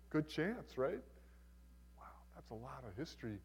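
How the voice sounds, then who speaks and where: A man's voice: medium pitch, animated, a little fast, darkish tone, husky, in a large hall. An older man preaching a sermon as a pastor, in a conversational, folksy way with humorous asides.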